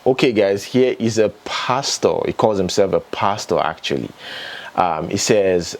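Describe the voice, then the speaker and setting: A man's voice: on the low side, measured pace. A man with a Nigerian accent hosting an entertainment news vlog, chatting casually and reading out posts and headlines. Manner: chatty, reads out posts and headlines, gives opinions.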